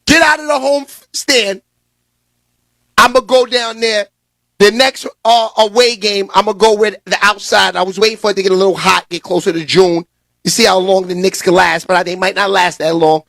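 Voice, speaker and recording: A man with a very high, gravelly voice riffs on sports in a loose, slangy vlog rant, laughing as he goes. His voice is recorded close and dry, with no room echo. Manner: animated, slangy, quick to laugh. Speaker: vlog host. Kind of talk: casual sports commentary.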